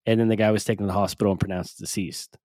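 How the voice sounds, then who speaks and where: A young man co-hosting a podcast, talking in a relaxed, casual way and thinking out loud. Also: on the low side, racing, dry recording. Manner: relaxed, thinks aloud with fillers. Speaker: podcast co-host. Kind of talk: casual chat.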